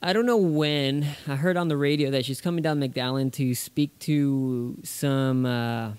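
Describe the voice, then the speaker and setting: A man co-hosting a podcast, speaking in a relaxed, steady way with some hesitant fillers. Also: mid-range voice, measured pace, smooth, no echo. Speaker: podcast co-host. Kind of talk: casual chat.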